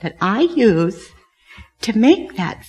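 A woman plays a patient, kindly mother in a simple storybook way. She talks gently, soothingly and slowly. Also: mid-range voice, sing-song, slightly rough, exaggerated voice. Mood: gentle. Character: kind, patient mother baking.

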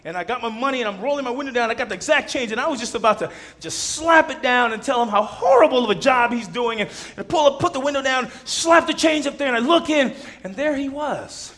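A male preacher telling a story in his sermon and leading a prayer, animated and expressive. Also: very high-pitched, fast talker, hardly any pauses.

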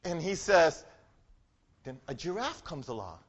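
A man leading a children's message in church, running a game and telling a story, animated and quizzing the kids. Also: fairly high pitch, unhurried, slightly rough. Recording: dull lo-fi recording.

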